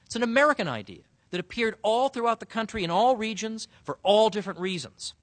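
A man giving a lively, sarcastic public speech to a room of officials, punching key words with emphasis. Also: sits high, fairly quick, dry recording. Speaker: speaker addressing sheriffs. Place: conference room.

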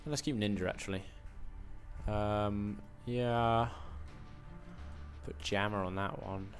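Young man, put-on American accent, rambling game commentary, fairly low voice, faint music behind. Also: steady tone, slow pace. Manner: rambling, self-mocking, fillers and asides. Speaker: gaming commentator.

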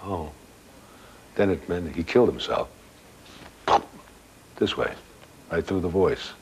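An older man casually telling a personal anecdote as a guest, halting at times and acting out dialogue. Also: sits low, darkish tone, slight background noise, low-quality recording. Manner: plain-spoken, halting, with restarts and quoted dialogue. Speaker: guest storyteller.

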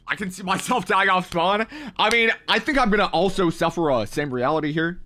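A man's voice: sits high, brisk, sharp tone. A young man livestreaming a mobile game, reading his chat aloud with hyped, playful, slangy banter. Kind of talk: live gaming stream, reading chat.

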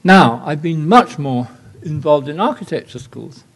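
A man's voice: fairly high pitch, expressive, a little slow. An older man with an English accent giving a guest lecture with slides, wry and anecdotal, full of rambling asides.

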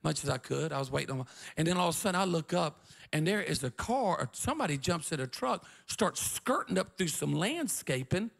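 Man, middle-aged, pastor, revival preaching, high voice, gravelly fry, animated storytelling. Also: a little fast. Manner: animated, shouting and laughing through stories.

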